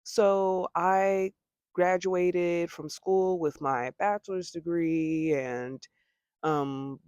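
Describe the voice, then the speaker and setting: A young American woman talking casually to the camera in a vlog, chatty, with laughing asides and lively quoting of her own thoughts. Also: fairly low pitch, no echo. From United States. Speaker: vlogger. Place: home abroad.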